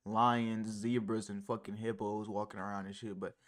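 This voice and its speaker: A man's voice: little pitch movement, normal speed. Rambling, profane man reacting live. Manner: slangy and profane, rambling with many fillers, big swings in pitch and loudness. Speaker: streamer reacting to clips. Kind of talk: casual live reaction chat.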